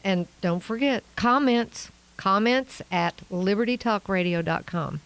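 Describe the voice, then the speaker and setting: A woman co-hosting a radio talk show, upbeat and quick to laugh, reading out contact details. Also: mid-range voice, poor audio. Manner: upbeat, giggly, encouraging. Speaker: radio co-host. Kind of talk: casual radio chat.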